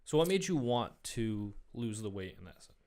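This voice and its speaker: A man's voice: lowish voice, sing-song, normal speed, a little mellow. A young man co-hosting a casual podcast, asking questions and affirming his friend in an upbeat way. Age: young adult. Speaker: podcast co-host.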